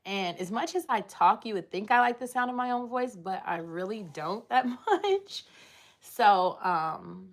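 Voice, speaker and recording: A woman's voice: mid-range voice, expressive, a little slow. Chatty woman rambling on a livestream. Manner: rambling, chatty, reads and answers chat comments. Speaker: livestream host. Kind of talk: casual live chat.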